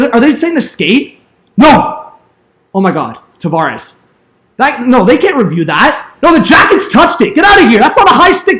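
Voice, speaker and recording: A young man calling a hockey game as an excitable fan streamer, yelling at big plays and chatting with viewers. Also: very high voice. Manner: yells and laughs at big plays, chats with viewers. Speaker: fan streamer doing live play-by-play. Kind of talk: excitable fan play-by-play commentary.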